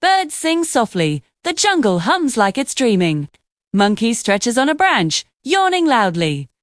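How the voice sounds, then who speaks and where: Expressive woman storyteller, lively pitch. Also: a little slow, no room sound, studio quality. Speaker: narrator. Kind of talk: children's story narration.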